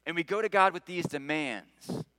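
A man's voice: fairly high pitch, moderate pace, pushed and bright, no room sound, low-quality recording. A man preaching a sermon, earnest, repeating key phrases and rising when he voices prayers. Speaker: pastor.

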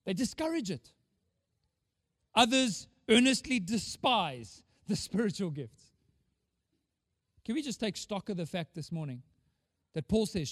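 A man's voice: sits high, big pitch swings, measured pace, pauses often, no room sound, studio quality, long reverb tail. A man preaching a sermon as pastor, emphatic, asking rhetorical questions and often repeating words.

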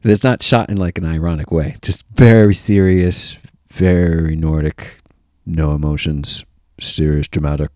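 A man hosting a podcast, telling a funny story with lots of laughter and mock-deadpan asides. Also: very deep voice, a little slow, no room sound, studio quality. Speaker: podcast host. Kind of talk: comic storytelling.

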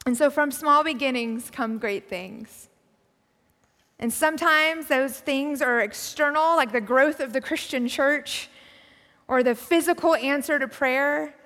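High-voiced woman preaching in a hall. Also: a little slow. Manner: conversational, reflective preaching with soft drops in volume. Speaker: pastor. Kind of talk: sermon. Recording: long hall reverb.

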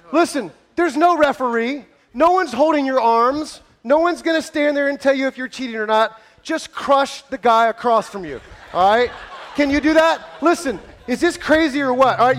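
High-voiced pastor, excitable and hoarse. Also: male voice, slight background noise. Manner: energetic, joking, shouting with excitement. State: out of breath, scratchy throat. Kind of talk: lively church service hosting. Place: large church hall with congregation.

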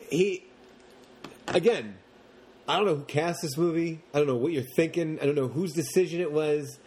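A man co-hosting a podcast, chatting casually about movies in long, animated rants and mocking the characters as he goes. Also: a little high, a little hiss or hum. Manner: rambling, animated rants with mocking put-on quotes. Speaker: podcast co-host.

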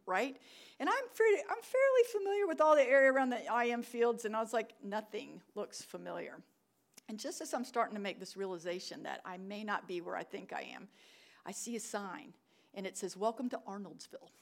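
A woman's voice: a little high, fairly bright tone. A young woman, a church ministry director telling a funny, self-mocking story in a sermon.

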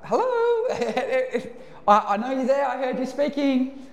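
A needy midnight caller, as a man puts him on, pleading and insistent in a raised, high-pitched voice. It carries through a reverberant church hall with a long echo. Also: very animated, slow pace, gravelly, slight background noise, exaggerated voice. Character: desperate man knocking at midnight for bread.

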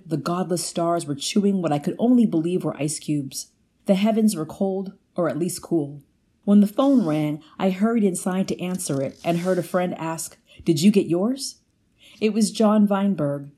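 Female reader for literary prose; low, mellow voice, measured delivery. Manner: measured, lifts pitch for quoted lines. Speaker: guest reader. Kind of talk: literary reading aloud.

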